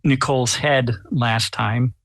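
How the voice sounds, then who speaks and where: A man playing a tabletop game, describing his vampire's actions in a deliberate, wry way. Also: medium pitch, fairly even intonation, background noise. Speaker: player.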